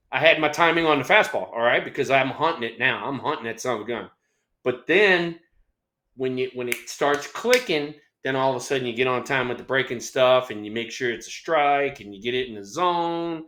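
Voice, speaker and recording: A man's voice: medium pitch, sharp tone, echoey room. A man in his sixties co-hosting a sports talk show, telling stories in a rambling way with lots of fillers. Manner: rambling storyteller, lots of "you know". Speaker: former ballplayer co-host. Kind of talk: casual sports chat.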